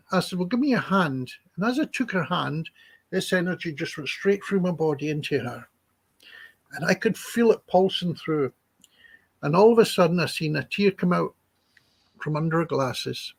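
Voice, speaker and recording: A man's voice: a little high, lively intonation, moderate pace, vocal fry, husky, dry recording. A man, a psychic healer guest in an interview, telling chatty anecdotes and acting out the dialogue he quotes. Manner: chatty, acts out quoted dialogue, chuckles between stories.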